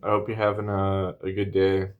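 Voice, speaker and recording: A man in his thirties speaks to camera in a low voice that barely rises or falls. He rambles earnestly through a personal story, restarting sentences and leaning on fillers. He sounds a little emotional throughout. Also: monotone, normal speed, narrow, tinny audio. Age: 30s. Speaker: vlogger.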